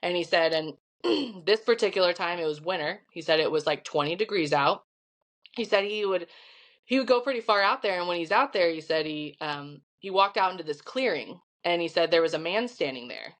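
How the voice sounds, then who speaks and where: A middle-aged woman with a Midwestern American accent, a podcast guest telling a story in an animated, chatty way. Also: fairly low pitch, a little fast. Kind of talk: casual storytelling.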